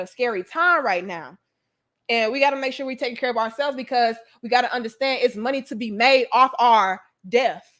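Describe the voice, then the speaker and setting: A woman's voice: on the high side, fairly bright tone. A woman hosting a casual livestream chat, talking emphatically with slang and frequent swearing. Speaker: livestream host.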